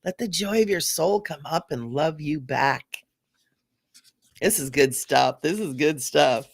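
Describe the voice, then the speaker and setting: A woman's voice: low-pitched, a little slow, creaky, breathy edge, no echo, studio quality. Bubbly woman hosting a spiritual livestream. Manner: bubbly, laughs often, repeats phrases warmly. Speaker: spiritual talk show host. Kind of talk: casual livestream chat.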